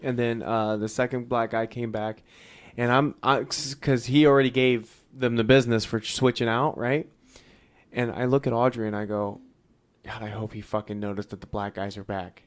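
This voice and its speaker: A man's voice: medium pitch, fairly even intonation, moderate pace. A man in casual podcast chat, telling a rambling anecdote full of hesitations. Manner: rambling anecdote with many fillers and restarts.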